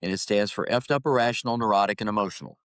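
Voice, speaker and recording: A middle-aged man, a retired highway patrol officer, telling stories in a casual interview and often repeating words as he starts a thought. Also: racing, no echo, studio quality. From Ohio, United States. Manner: storytelling, animated, repeats words when starting.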